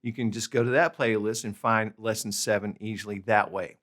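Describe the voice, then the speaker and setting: A man's voice: on the low side, fairly even intonation, brisk, fairly bright tone. A man teaching a language lesson on video, patient and explanatory, often checking in with "okay?" and "all right?". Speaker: language tutor.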